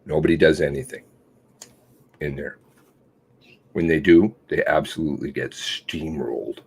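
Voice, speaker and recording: A man hosting a casual livestream, reading and commenting on articles in a sarcastic, mocking way, with loud outbursts and low mutters. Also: fairly even intonation, measured pace, vocal fry, slight background noise. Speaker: livestream host.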